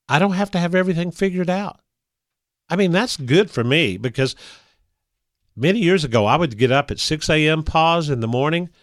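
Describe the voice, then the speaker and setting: A man's voice: medium pitch, a bit bright, dry recording, studio quality. A middle-aged man hosting a motivational radio talk show, folksy and playful, acting out quoted voices.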